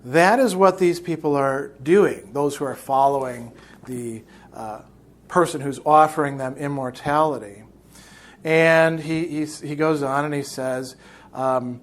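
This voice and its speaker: A man's voice: a little high, unhurried. A man teaching philosophy in a video lecture, explaining a novel in a reflective way.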